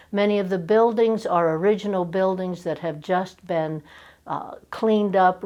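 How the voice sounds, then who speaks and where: A woman's voice: lowish voice, a little mellow. A woman from Virginia with a slight Southern accent, giving a conversational sermon talk and telling personal stories. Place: church.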